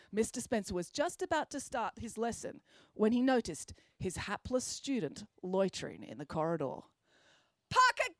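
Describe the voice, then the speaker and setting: A woman reading a children's story aloud, expressive and good-humoured. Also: mid-range voice, no room sound, studio quality.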